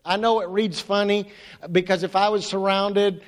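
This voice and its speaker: A man preaching a sermon as pastor, emphatic, stacking repeated rhetorical questions and swinging between loud and hushed delivery. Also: sits high, little pitch movement, normal speed, in a large hall.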